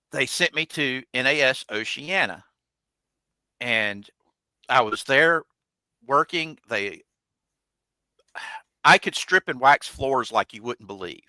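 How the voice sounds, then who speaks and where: A man's voice: mid-range voice, bright, forceful tone, no echo, rough recording. A man hosting a casual live chat, telling a long personal story in plain, salty language and acting out what others said. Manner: colloquial, swears freely, acts out quoted people. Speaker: podcast host.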